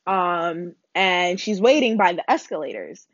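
A woman's voice: on the low side, a little slow, no echo, muffled recording. A young woman, telling a blunt, profane storytime rant to her viewers. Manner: blunt, loud, profane, animated. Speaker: vlogger. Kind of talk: casual ranting storytime.

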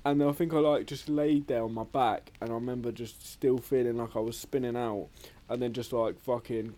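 A man's voice: medium pitch, fairly even intonation, moderate pace, warm tone. A young man co-hosting a casual podcast, rambling and swearing a lot. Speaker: podcast co-host.

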